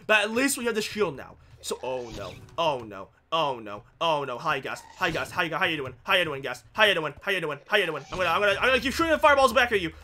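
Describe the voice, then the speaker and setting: A man's voice: high-pitched, big pitch swings, very fast, hardly any pauses, bright, forceful tone, a little hiss or hum. A young man commentating his own game, jittery and panicky, repeating phrases and yelping. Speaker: gaming YouTuber. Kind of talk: Let's Play commentary.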